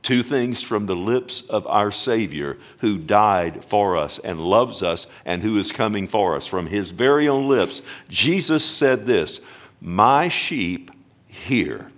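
A man preaching a Wednesday night sermon in church, calling for amens and slowing down to stress scripture. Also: lowish voice, expressive. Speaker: pastor.

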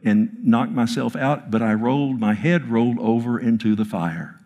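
A man preaching voices a timid, odd adult man as he quietly recalls a painful childhood. He keeps it close to his own voice, soft and a bit slow. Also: mid-range voice, highs cut off, close to an everyday voice. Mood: somber. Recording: long reverb of a large hall.

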